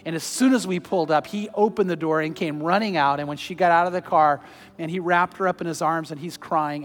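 A man preaching a sermon, telling a story earnestly and moving between loud urging and hushed, tender passages. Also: on the high side, in a large hall. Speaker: pastor.

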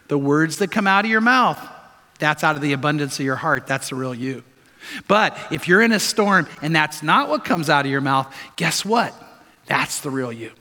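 Bright-voiced preacher in a reverberant hall. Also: male voice, a little high. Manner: emphatic storytelling with rhetorical questions to the congregation. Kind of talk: sermon. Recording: long reverb of a large hall.

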